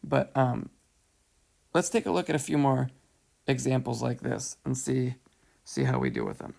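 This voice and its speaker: A man's voice: medium pitch, wildly swooping pitch, normal speed, gravelly, a little mellow. A man teaching a whiteboard math lesson, patiently talking through each step and checking in with "right?". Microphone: headset or tablet mic, voice-over screencast.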